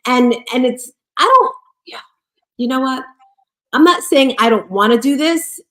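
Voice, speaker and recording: A woman's voice: high-pitched, animated, unhurried, a bit bright. A woman co-hosting a casual live stream, talking with passion and emotion and often repeating herself. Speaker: co-host. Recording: echoey room.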